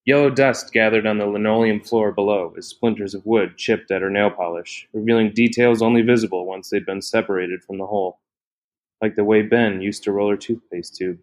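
With a fairly low voice, a male audiobook narrator reads a novel in a steady, measured way. Between the characters' lines, his scripted narration stays plain and even.

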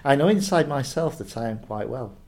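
A man doing a calm earnest lotus. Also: medium pitch, a little fast, lightly acted. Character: calm, determined young lotus sprout.

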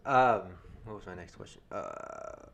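A man's voice: on the low side, sing-song, unhurried, vocal fry, dull audio, a little hiss or hum. A young man hosting a casual podcast, asking loose questions and laughing easily. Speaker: podcast host.

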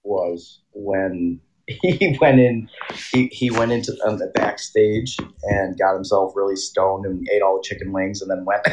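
A man co-hosting a podcast in casual chat, laughing a lot and retelling comedy scenes in squeaky quoted voices. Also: fairly even intonation, a little slow, slight background noise, low-quality recording. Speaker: podcast co-host.

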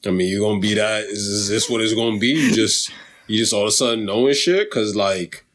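A man's voice: on the low side, a little fast, a bit bright. A man co-hosting a podcast in casual chat, riffing in a teasing, slangy, mock-indignant way. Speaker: podcast co-host.

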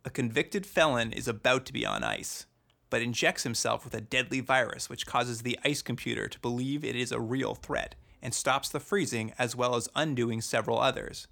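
A young man co-hosting a podcast recaps a TV show in casual conversation, with dry, sarcastic humor. His middle-pitched voice has a gravelly edge and a sharp tone, and he talks at a normal speed.

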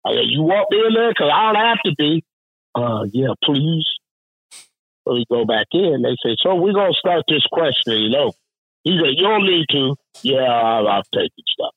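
Profane animated male storyteller, husky. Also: on the high side, normal speed, dry recording, narrow, tinny audio. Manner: profane, animated, acts out quoted voices. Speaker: union representative telling a story. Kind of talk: casual storytelling.

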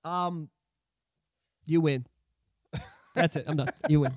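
A man co-hosting a podcast in casual chat, ranting in a profane, animated way. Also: on the high side, takes it slowly, no echo, studio quality. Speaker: podcast co-host.

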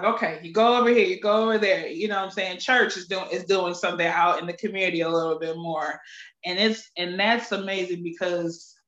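A woman's voice: lowish voice, a bit bright, echoey room, muffled recording. A woman talking reflectively in a casual panel chat, often restarting her sentences. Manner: reflective, with self-corrections.

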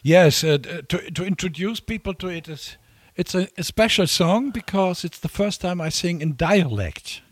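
A man from Cologne, a musician guest chatting in a podcast interview, lively and halting at times. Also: sits high, no echo. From Cologne, Germany. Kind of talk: casual interview chat.

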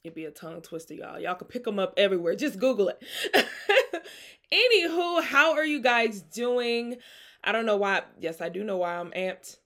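A young Southern woman from Mississippi hosts her podcast in a loose, chatty way, laughing often. Her medium-pitched voice swings widely in pitch, fairly quick and fairly bright.

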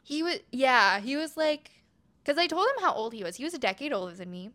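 A woman in her twenties from Oregon, USA, with a high-pitched voice and slightly fast delivery, appears as a podcast guest. She tells a personal story frankly and animatedly, slipping into quoted voices.

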